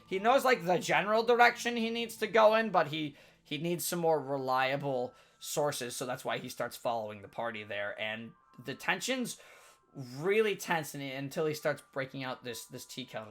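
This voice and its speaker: A man, the dungeon master, casually recapping a tabletop game session in a rambling, animated way. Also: a little high, normal speed. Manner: rambling, many fillers and restarts, animated.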